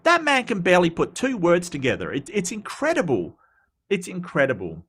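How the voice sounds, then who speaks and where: A man hosts a casual live stream, talking in a sarcastic, exasperated ramble full of restarts. His voice sits a little higher than most men's. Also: huge pitch swings, normal speed, fairly bright tone, breathy edge. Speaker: host.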